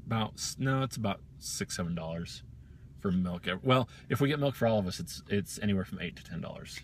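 A man's voice: lowish voice, lively intonation, a little fast. A young father hosting a casual family vlog in a rambling, self-mocking way. His voice rises and falls freely as he talks. There is a faint hiss of background noise under him. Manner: joking, self-deprecating, rambling.

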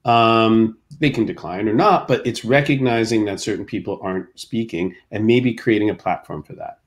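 A man's voice: on the low side, moderate pace. A man who co-founded a company, a guest in an interview, explaining his ideas thoughtfully with examples. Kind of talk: casual interview.

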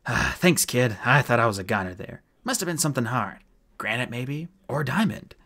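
A man voicing a gruff, crude male dwarf in an audiobook, talking bluntly. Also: medium pitch, lively intonation, moderate pace, bright, forceful tone.

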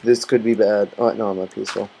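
A man's voice: fairly low pitch, little pitch movement, fast talker, vocal fry, mellow, low-quality recording. A man rambling goofily to himself while playing Minecraft, recorded on a computer's built-in mic. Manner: rambling, goofy, talks to himself. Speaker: Minecraft let's player. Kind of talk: casual gameplay commentary. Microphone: computer's built-in mic, not headset. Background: computer fan hum.

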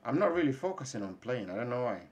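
A man streaming a mobile game live, loudly taunting other players and laughing, then muttering quietly to himself. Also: medium pitch, big pitch swings, fast. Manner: loud taunting trash talk with laughter, then quiet mumbling. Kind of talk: live gaming stream chat.

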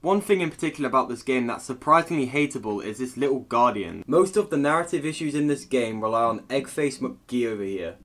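A man's voice: mid-range voice, expressive, fairly quick, hardly any pauses. A young man giving a casual, sweary, sarcastic video game review. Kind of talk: casual ranting commentary.

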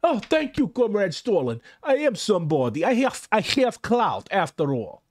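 A man voicing a boastful old male Bolshevik in a deliberately bad fake Russian accent. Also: sits high, big pitch swings, dry recording, studio quality, pitched above the performer's own voice. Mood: smug.

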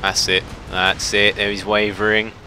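A man giving chatty, self-mocking let's play commentary, shouting orders at his ships when excited. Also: lowish voice, unhurried, a little hiss or hum. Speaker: gameplay commentator.

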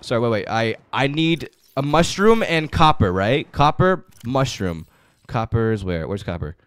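A young man giving profane, jokey commentary while playing a game, swinging from low mumbling to sudden yelling. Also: big pitch swings, normal speed, smooth, dry recording. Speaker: gaming YouTuber. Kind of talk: let's-play commentary.

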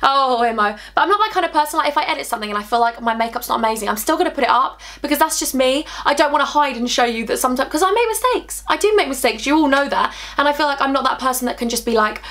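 A young woman giving a bubbly, chatty makeup tutorial, excitable and candid with her viewers. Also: high voice, racing, hardly any pauses. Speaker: beauty vlogger.

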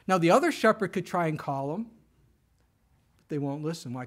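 A middle-aged man preaching a sermon in a casual, conversational way, telling the story with lively emphasis and dropping to a whisper for quoted words. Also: fairly high pitch, normal speed, husky. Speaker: pastor.

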